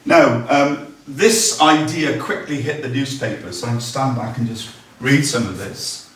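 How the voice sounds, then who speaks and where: A man's voice: medium pitch, measured pace, fairly bright tone. A man gives a public history talk in a large, very echoey room, heard from some distance away from the mic. His delivery is conversational, with ums and restarts, and he reads quotations aloud now and then. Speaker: local history speaker.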